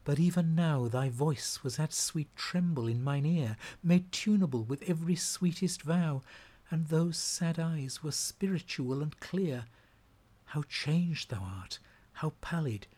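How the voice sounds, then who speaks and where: A man's voice: on the high side, mellow, pitched above the performer's own voice. A man voicing a heartbroken young woman. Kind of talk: dramatic poetry reading.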